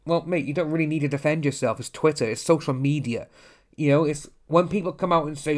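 A man's voice: a little high, fast. A young man hosting a casual opinion commentary, talking bluntly and ranting, often mimicking others. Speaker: commentary channel host.

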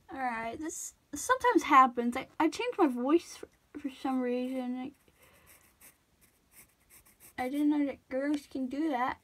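A woman's voice: sits high, a little slow, long pauses, a bit bright. A tired young woman rambling in a cartoony voice while she draws, stammering and joking about herself. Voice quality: cartoony put-on voice. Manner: rambling, self-deprecating, stammering restarts. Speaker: drawing tutorial vlogger. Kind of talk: casual drawing commentary.

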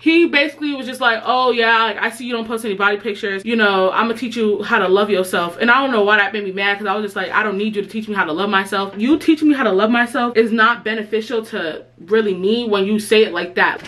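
A woman's voice: fairly high pitch, a bit bright. A young woman telling a storytime to camera in a casual, slangy, exasperated way. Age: young adult. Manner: chatty, slangy, exasperated retelling. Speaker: vlogger.

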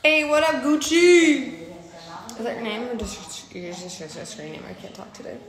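A woman's voice: fairly high pitch, very animated, moderate pace, noisy background. Young woman, tired, blunt live-streamer; slightly raised voice, phone mic in a reverberant room. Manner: blunt and offhand, calls viewers darling. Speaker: livestream host. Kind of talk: casual live-stream chat.

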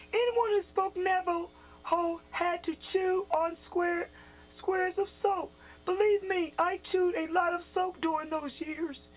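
A woman reading the lines of a gentle, firm old Navajo grandfather in a children's story. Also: very high voice, rough recording. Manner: soft, quiet, sometimes stern. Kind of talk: storybook read-aloud, character voice.

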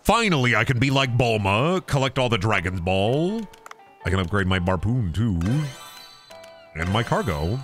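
A man's voice: on the low side, very animated, moderate pace, fairly bright tone, faint music behind. A young man giving goofy, joking commentary on a game stream, swearing and laughing often.

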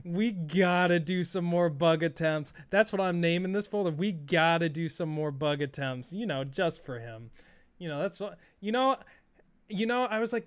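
A man's voice: a little high, normal speed, slight background noise. A young adult man chatting casually to his audience during a game live stream, rambling, self-mocking and swearing freely.

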